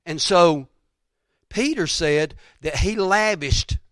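A folksy preacher, a man, speaking in a fairly high voice. He rambles through his sermon with repeated phrases and asides. The sound is dry and close. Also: takes it slowly, fairly bright tone, dry recording. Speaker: pastor. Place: church sanctuary.

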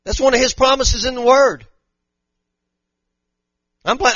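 High bright-voiced guy preaching hard, repeats himself a lot, dry dull lo-fi sound. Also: steady tone, a little slow, no echo. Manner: fervent, repetitive preaching with Southern-style slang. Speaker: pastor. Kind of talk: sermon.

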